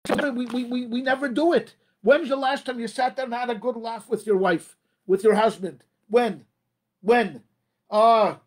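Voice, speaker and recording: A high-pitched man speaks as a rabbi giving a motivational talk on marriage. He talks emphatically and repeats his phrases. He often turns to the audience with "ladies and gentlemen.".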